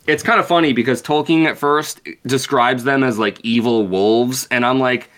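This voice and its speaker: A podcast co-host in a casual book-club chat sums up a book chapter at normal speed. His voice is medium-pitched and a bit bright. He's laid-back and profane, and he uses lots of fillers and "like."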